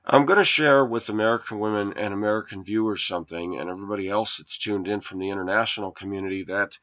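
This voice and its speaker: A man's voice: lowish voice, quick pace, a bit bright, muffled recording. A man in his forties telling a rambling personal story in an indignant, preachy way to his viewers. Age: 40s. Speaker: vlogger.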